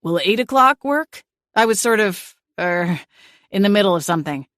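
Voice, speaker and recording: A hesitant man caught off guard, read by a woman narrator in an audiobook. He speaks haltingly and nervously. The sound is dry and close. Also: medium pitch, animated, a bit bright, dry recording, natural voice. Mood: flustered. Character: hesitant, flustered man selling his house.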